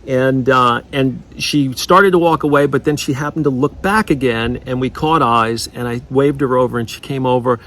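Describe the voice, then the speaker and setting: A man in ministry sharing a casual spoken testimony, halting often with fillers and restarts. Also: mid-range voice, fairly bright tone. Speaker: ministry leader.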